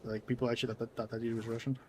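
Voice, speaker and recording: A young man chatting loosely while he plays, rambling and swearing casually. His voice sits in a middle pitch. Game noise hums steadily behind him. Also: flat delivery, very fast. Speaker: streamer. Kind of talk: casual gameplay commentary.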